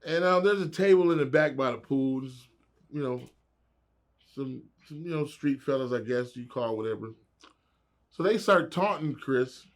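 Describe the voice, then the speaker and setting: A man's voice: mid-range voice, lively intonation, moderate pace. A middle-aged man telling wild stories as a guest in a casual interview, laughing and acting out the voices of people he quotes.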